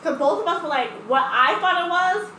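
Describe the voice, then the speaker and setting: High-voiced woman in a noisy echoey room. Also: animated, sharp tone, far from the mic. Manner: halting storyteller, many restarts. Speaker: podcast co-host. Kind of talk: casual chat. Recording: echoey room, clear background noise.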